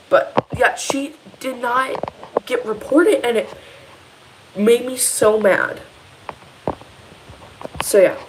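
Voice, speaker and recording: A teenage girl telling a long, rambling story in a casual vlog, upset and animated as she retells it. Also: on the high side, slight background noise, poor audio. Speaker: vlogger.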